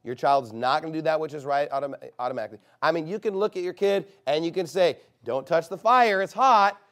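Male preacher, higher-pitched, forceful sermon delivery, drops low then builds loud, leans hard on key phrases. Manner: slows down and stresses key phrases.

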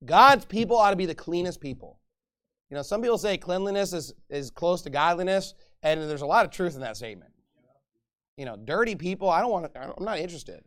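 High-voiced animated male preacher. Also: clean tone. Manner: animated preaching, acts out quoted voices, laughs. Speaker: pastor. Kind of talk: sermon.

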